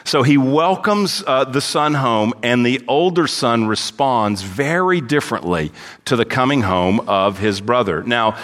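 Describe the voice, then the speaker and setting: A man's voice: medium pitch, lively intonation, a little slow, a bit bright. A male pastor preaching an expository sermon in a church, reading scripture aloud and then explaining it verse by verse. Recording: long hall reverb.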